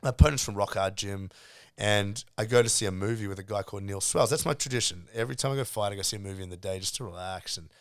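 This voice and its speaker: A middle-aged man from South Africa, a podcast guest and martial arts coach, telling stories in a casual, animated way, swearing freely. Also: on the low side, fast talker, hardly any pauses, no room sound, clean studio sound. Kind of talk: casual storytelling chat.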